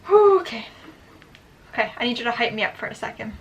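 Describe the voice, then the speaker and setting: Woman, casual vlog talk, excitable, chatty, high-ish voice. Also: racing, creaky. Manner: excited, chatty, lots of "like" fillers. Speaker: vlogger.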